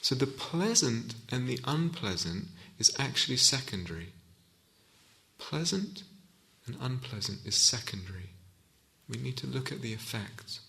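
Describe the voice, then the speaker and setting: A man's voice: mid-range voice, big pitch swings, measured pace, gravelly, bright, forceful tone. A man giving a reflective Dharma talk as a meditation teacher in a hall, often restarting and searching for words.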